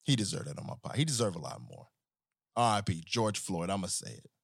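A man hosting a podcast in a casual solo monologue, profane and animated, swinging between joking and earnest talk. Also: deep voice, a little fast, creaky, no echo, studio quality. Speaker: podcast host.

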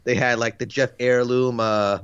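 A man's voice: medium pitch, level tone, normal speed, fairly bright tone, clear, resonant tone, dry recording, muffled recording. A man in his thirties co-hosting a podcast, chatting casually in a rambling, laid-back way full of fillers. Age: 30s. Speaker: podcast co-host. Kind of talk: casual chat.

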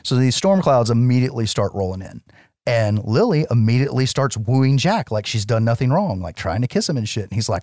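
A lively American man talks through a film's plot with big swings in pitch, laughing as he goes and dropping casual swears. His voice sits close and dry on the mic, with no room around it. He sounds like a podcast co-host deep in a relaxed recap. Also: a little fast, no echo. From United States. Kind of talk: casual film recap chat.

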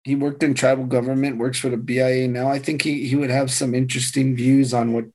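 A man's voice: mid-range voice, flat delivery, quick pace, a little mellow. A man co-hosting a podcast in casual chat, teasing his co-host and often talking over him. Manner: teasing, talks over others, laughs easily.

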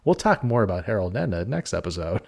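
A man's voice: lowish voice, very animated, quick pace, vocal fry. Heated man ranting about a movie. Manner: heated, ranting, swears, many fillers. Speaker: podcast co-host. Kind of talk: casual horror movie review chat.

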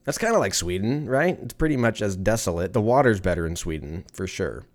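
A man's voice: fairly low pitch, lively intonation, a little fast. A man in his thirties hosting a podcast on his own, rambling, swearing casually and laughing at his own jokes. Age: 30s. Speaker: podcast host. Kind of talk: casual solo podcast chat.

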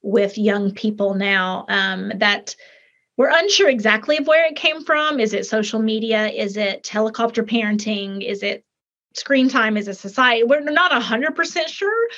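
A woman's voice: a little high, lively intonation, normal speed, fairly bright tone, dull audio. A woman hosting a podcast, talking earnestly and emphatically in casual conversation over a video call. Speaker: podcast host.

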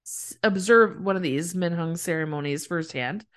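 A woman's voice: fairly low pitch, moderate pace. A woman co-hosting a podcast, recapping a TV episode in casual chat and laughing often mid-sentence. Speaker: podcast co-host.

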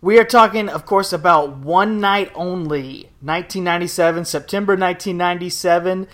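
A man's voice: high voice, a little fast, fairly bright tone. A man co-hosting a podcast, talking in a casual, upbeat, chatty way with a few fillers. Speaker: podcast co-host.

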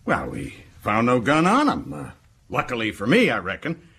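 A man's voice: medium pitch, wildly swooping pitch, moderate pace, creaky, a bit bright, a little hiss or hum, full character voice. An actor playing a boastful, chatty male prison governor, who stumbles over his words in a radio drama. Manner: boastful, stumbling, chuckling often.

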